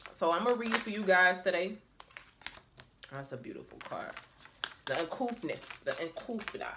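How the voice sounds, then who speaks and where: A woman vlogging casually as a tarot reader, rambling and profane in an animated way. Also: fairly low pitch, heavy background noise. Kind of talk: casual motivational vlog talk.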